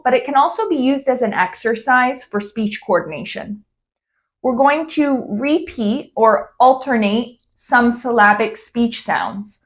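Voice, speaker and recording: Lady speech therapist from california, slow careful drills, kinda high voice. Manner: slow, over-articulated, modeling drills. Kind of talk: instructional exercise guide.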